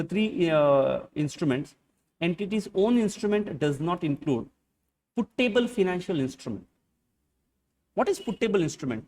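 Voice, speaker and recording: A man's voice: high voice, a little mellow, far from the mic. A man with an Indian English accent teaching accounting in a classroom lecture, firing rhetorical questions at his students and acting out little dialogues.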